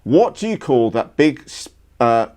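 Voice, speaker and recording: A man's voice: mid-range voice, sing-song, unhurried, a little mellow. A British man co-hosting a casual political chat, joking and wry. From United Kingdom. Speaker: podcast co-host.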